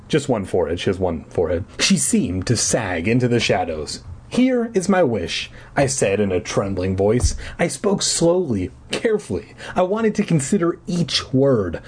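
A man's voice: on the low side, darkish tone, breathy edge. A man reading a children's book aloud in a mock-dramatic way, breaking off for crude jokes. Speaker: reader.

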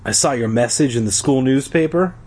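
A man's voice: medium pitch, a little fast, husky, natural voice. A man whispering as a creepy phone caller in whispered role-play. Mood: eerie hushed. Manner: whispered, hushed. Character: mysterious whispering caller calling himself a creep.

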